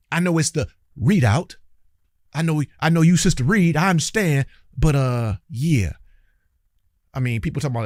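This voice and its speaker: A man's voice: mid-range voice, darkish tone, no echo, studio quality. A man hosting a reaction commentary, talking in a heated, preachy, colloquial way and speaking straight to his viewers. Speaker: commentary channel host.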